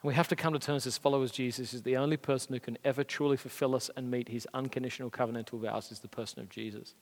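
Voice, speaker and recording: A man's voice: mid-range voice, fairly even intonation, rapid-fire. An Australian man preaching a sermon as a pastor, earnest and conversational, with emphatic rises. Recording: long reverb of a large hall.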